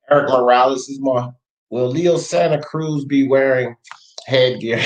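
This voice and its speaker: A man's voice: mid-range voice, a little slow, highs cut off. A male sports talk host on a live boxing stream, reading viewers' chat comments aloud in a loose, slangy way and laughing often.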